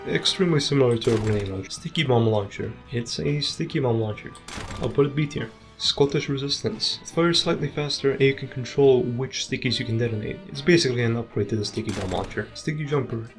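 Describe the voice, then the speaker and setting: A man giving casual tier-list commentary on video game weapons, with offhand, dry, quick verdicts. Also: mid-range voice. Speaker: gaming video creator.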